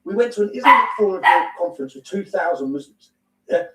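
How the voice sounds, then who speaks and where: A man's voice: high-pitched, animated, fast talker, fairly bright tone, reverberant, recorded from a distance, low-quality recording. A man with an English accent, talking bluntly and emphatically as an interview guest, repeating his points and swearing now and then. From England. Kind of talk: heated conversational interview.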